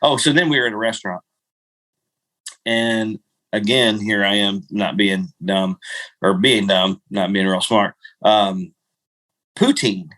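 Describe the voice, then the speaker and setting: A man's voice: on the low side, measured pace, pauses often, fairly bright tone. A middle-aged man co-hosting a podcast, rambling through self-mocking travel stories with frequent laughs. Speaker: podcast co-host. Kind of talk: casual storytelling chat.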